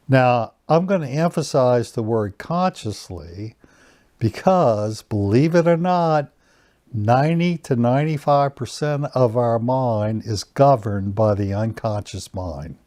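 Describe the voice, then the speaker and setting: Guy teaching a mindfulness-type lesson, slow and calm, dry close sound. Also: medium pitch, dry recording. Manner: slow, calm guiding instructions. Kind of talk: guided personal growth lesson.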